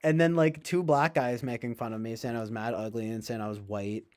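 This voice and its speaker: A man's voice: medium pitch, steady tone, fairly quick. Rambling sarcastic man streamer. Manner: rambling, sarcastic, swears and laughs often. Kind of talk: casual rambling chat to viewers.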